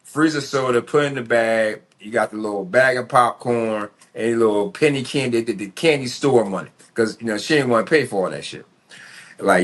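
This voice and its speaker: A man's voice: mid-range voice, a bit bright. A man, telling his life story in a casual, rambling, profane way full of fillers. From Philadelphia. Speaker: podcast host.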